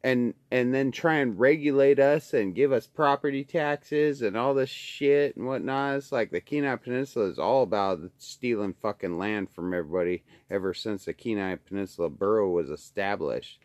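A man's voice: mid-range voice, moderate pace, few pauses, dry recording. Foul-mouthed man ranting at home. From Alaska. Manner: profane, swearing constantly, grows into loud angry ranting. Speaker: vlogger. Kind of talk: casual ranting monologue. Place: home kitchen by a wood stove, indoors.

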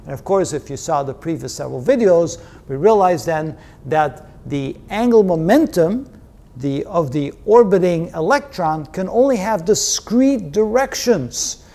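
A man's voice: on the high side, expressive, a little slow, warm tone. A man giving a physics lecture, explaining step by step and often restarting and rephrasing mid-sentence.

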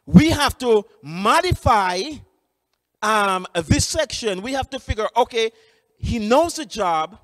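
Male trainer, high lively voice, animated storyteller, reverberant hall. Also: slow, studio quality. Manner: animated storytelling, many restarts. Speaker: employment trainer. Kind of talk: training lecture with stories.

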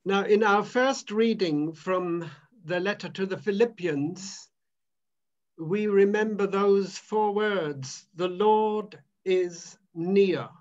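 A male minister delivers a sermon at a very unhurried pace, leaning on repeated phrases with emphatic weight. The recording is dull and lo-fi, with a muffled top end. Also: sits high.

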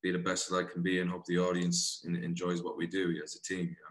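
A man from Ireland giving a casual interview as an actor, animated and chatty, often saying "you know" and calling the interviewer brother. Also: sits low, fast talker. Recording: roomy echo.

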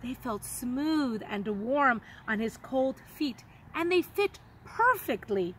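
A woman teacher reading a children's story aloud in an expressive, dramatic way. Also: sits high, slow pace, slight background noise, low-quality recording.

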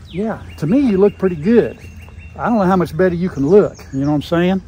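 Older guy vlogging on his farm, chatty and folksy, kinda high voice, lapel mic, little hiss. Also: expressive, a little fast, dark tone. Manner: folksy and chatty, talks sweetly to dogs. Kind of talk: casual farm vlog.

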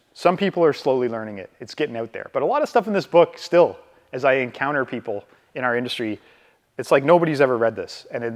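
Male real estate trainer, casual, acts out dialogue, long hall reverb. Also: medium pitch. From Canada. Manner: lively, acts out dialogue, keeps checking with "right?". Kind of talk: casual training talk to a room.

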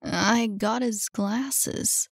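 A woman voicing a shaken young man who speaks low and dazed. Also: takes it slowly, creaky, no room sound, clean studio sound. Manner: hushed, dazed.

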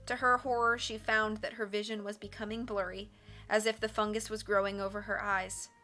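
A woman reading a novel aloud in a measured, expressive storytelling voice. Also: mid-range voice, soft background music. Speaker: audiobook reader on a stream. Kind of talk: dramatic audiobook narration.

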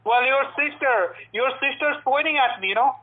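A man's voice: extremely high pitch, moderate pace. A man with an Indian accent on a phone call as a scammer, talking evasively and tagging on "you know". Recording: tinny phone line.

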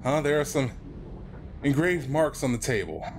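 A man's voice: mid-range voice, lively intonation, moderate pace, background noise. A man playing a horror game and commenting, jumpy and nervous, swearing and reading the on-screen text aloud. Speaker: let's play host.

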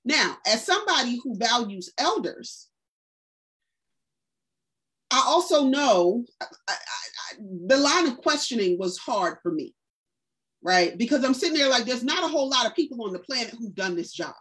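A woman in her forties, an author and educator, telling stories casually in a book discussion. She speaks in loose, vernacular phrasing and acts out the lines of people she quotes. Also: normal speed. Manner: casual and vernacular, acts out quoted speech with lively pitch jumps. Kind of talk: conversational storytelling in a book discussion.

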